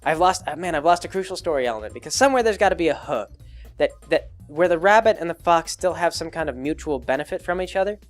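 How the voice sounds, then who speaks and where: Brief: young man, slightly high voice, rambling comic storyteller, faint music behind. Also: expressive. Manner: rambling, full of restarts, acting out characters in quick bits. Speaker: comedy podcast host.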